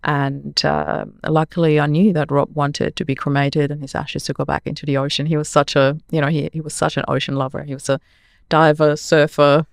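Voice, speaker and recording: A woman's voice: deep voice, little pitch movement, brisk, gravelly, no echo, clean studio sound. A woman in her forties, a podcast guest earnestly recounting a personal story with many "you know"s.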